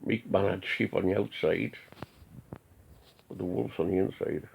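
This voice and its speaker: A man's voice: low voice, a little slow, vocal fry, darkish tone, slight background noise. A man from an Odinist group giving a preachy, defiant rant full of rhetorical questions. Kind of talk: ranting monologue. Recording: tinny phone-like audio.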